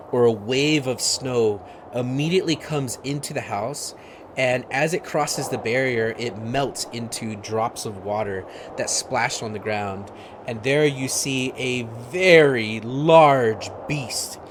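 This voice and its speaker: A man narrating a tabletop game as game master, halting with many fillers. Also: medium pitch. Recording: noisy stream audio.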